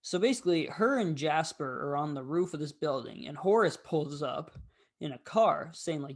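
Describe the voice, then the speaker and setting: A man gives his thoughts on a film in a loose, unscripted monologue. He has a somewhat high voice, rambles, and uses fillers freely as he talks. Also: lively intonation, moderate pace. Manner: rambling, candid, with frequent fillers. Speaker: film review host. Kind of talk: casual film review monologue.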